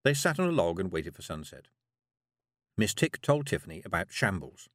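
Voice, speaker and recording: A man reading a fantasy novel aloud as an audiobook narrator, measured and drily humorous. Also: deep voice, big pitch swings, no room sound, studio quality.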